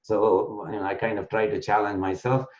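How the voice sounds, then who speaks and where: A man with a somewhat low voice leads an online lesson, explaining verses with plenty of fillers and restarts. Now and then he chants lines slowly and in rhythm. The audio is muffled and lo-fi, like a recorded web class. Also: level tone, a little mellow. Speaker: teacher.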